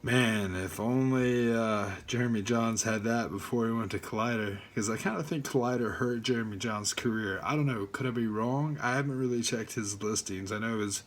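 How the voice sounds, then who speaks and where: A man ranting casually in a video blog from home, rambling and halting, with many fillers and swearing. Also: lowish voice. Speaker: fan vlogger. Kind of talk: casual rant.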